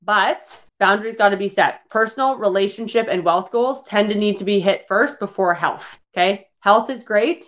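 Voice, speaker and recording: A woman fitness coach hosting a live-streamed podcast, speaking in a casual motivational style, blunt and energetic, swearing freely and using lots of fillers. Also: normal speed. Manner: voices the listener's complaints in a higher pitch.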